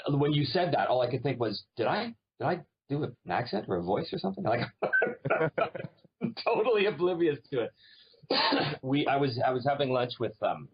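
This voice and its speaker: A man from Canada, a voice actor guest, chatting casually in an interview and telling animated stories. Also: sits low, husky, dull audio. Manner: animated storyteller, slips into accents.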